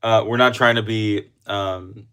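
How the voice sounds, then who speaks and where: A man's voice: fairly low pitch, fairly even intonation, a little slow, over a noisy crowd. A young man from the United States co-hosting a casual livestream chat, easygoing and rambling. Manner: easygoing, rambling with restarts and laughs. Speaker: co-host of coin livestream.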